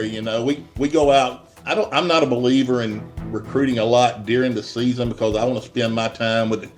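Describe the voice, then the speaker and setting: A man's voice: mid-range voice, darkish tone. A middle-aged man, a college baseball head coach answering interview questions in a plainspoken, rambling way. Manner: rambling, many restarts, plainspoken.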